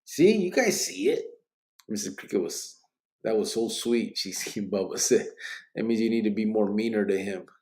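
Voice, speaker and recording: A man's voice: on the low side, little pitch movement, moderate pace, warm tone. A man, hosting a late-night live podcast, reading viewer comments aloud in a laid-back, joking way and mixing in Spanish slang, sounding sleepy and yawning. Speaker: livestream podcast host.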